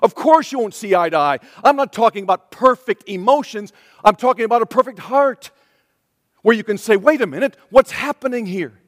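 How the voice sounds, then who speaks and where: A man's voice: sits high, animated, brisk, big-room sound. A middle-aged male pastor preaching a passionate sermon, often speaking as Jesus would to his listeners. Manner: impassioned, voices Jesus speaking directly to listeners.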